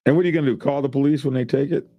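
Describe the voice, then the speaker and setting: A man's voice: mid-range voice, steady tone, racing, dry recording, lo-fi sound. A man casually reading news stories aloud and joking about them with his co-hosts. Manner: reads headlines aloud then riffs jokingly. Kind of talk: casual news commentary chat.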